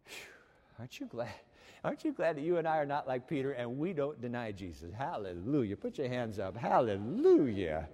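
A man preaching a sermon, dramatic, swinging between loud exclamations and hushed, tender passages. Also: mid-range voice, animated, brisk, big-room sound.

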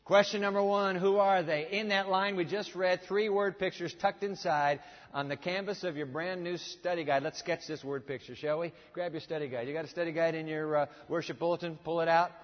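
Guy preaching in a big church, longish reverb, kinda dull sound, animated. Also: on the high side, a little fast. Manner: animated preaching, directs congregation. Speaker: pastor. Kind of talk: sermon. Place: large church with balcony.

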